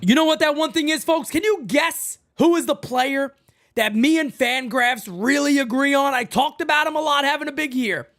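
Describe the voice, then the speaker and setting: A woman whose voice sits high talks at normal speed as she hosts a fan channel's relaxed sports live stream from home. She's chatty and excitable, repeatedly calling viewers "man" and "folks."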